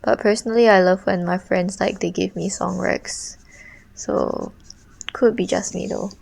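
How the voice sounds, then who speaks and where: A woman's voice: medium pitch, fairly even intonation, a little slow, gravelly, a little mellow, low-quality recording. A young woman, an art streamer, chatting casually and ramblingly while she draws, full of slang. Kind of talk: casual chat while drawing.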